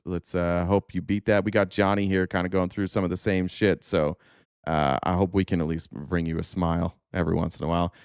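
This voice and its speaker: A man's voice: low-pitched, smooth, dry recording, studio quality. A man hosting a casual political commentary show, sarcastic and profane, firing off rhetorical questions. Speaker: host.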